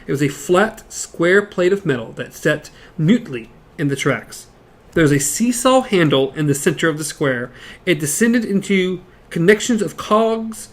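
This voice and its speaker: Higher-voiced man reading a book aloud. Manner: reads aloud haltingly with stumbles and asides. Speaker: podcast co-host. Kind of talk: casual book discussion, reading passages aloud.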